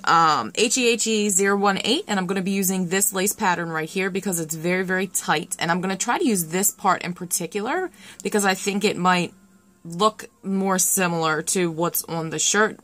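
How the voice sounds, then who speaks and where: A young woman chatting excitedly through a nail art tutorial, full of fillers and self-deprecating asides. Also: lowish voice, no echo. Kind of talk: casual tutorial chat.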